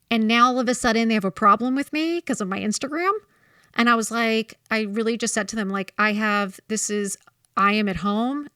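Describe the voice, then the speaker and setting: A woman's voice: mid-range voice, a bit bright, dry recording, studio quality. Blunt, fiery woman in her fifties. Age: 50s. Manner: blunt, profane and heated in retelling. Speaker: podcast host. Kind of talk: candid storytelling chat.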